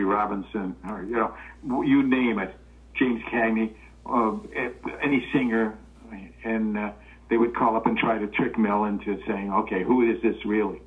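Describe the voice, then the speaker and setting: An older man from Los Angeles, a guest telling old stories and acting out the voices of the people in them. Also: lowish voice. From Los Angeles, California. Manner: relaxed anecdotal storytelling, acting out quoted voices. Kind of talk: storytelling interview. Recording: tinny phone-line sound.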